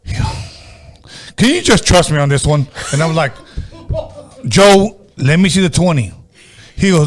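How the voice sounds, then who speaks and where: Crude, lively storytelling man host. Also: fairly high pitch, normal speed, pauses often. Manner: crude storytelling, acts out the people he quotes. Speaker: podcast host. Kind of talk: casual chat.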